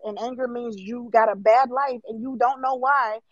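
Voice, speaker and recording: A woman's voice: on the high side, fairly even intonation, moderate pace, dry recording, highs cut off. A young woman arguing her point on a live stream, emphatic and mocking, now and then mimicking her critics. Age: 20s. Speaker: livestream guest. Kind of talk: heated debate.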